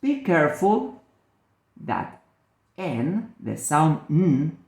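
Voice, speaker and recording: A man gives a children's phonics lesson, stretching every word very slowly. His pitch swings brightly up and down as he explains letters and tells a story. The room rings with echo. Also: vocal fry. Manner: slow, drawn-out, lively teacher talk. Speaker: ESL teacher.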